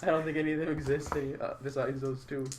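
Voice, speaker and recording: A man's voice: fairly high pitch, level tone, fast, background noise. A man playing a tabletop role-playing game, joking casually and swearing freely. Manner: joking, profane, laid-back. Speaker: player.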